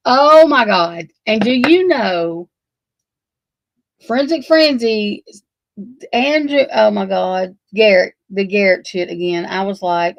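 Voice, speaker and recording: Flustered and swearing as she rambles through casual stream chat, this woman speaks slowly in a medium-pitched voice. The close-miked audio is dull and free of echo.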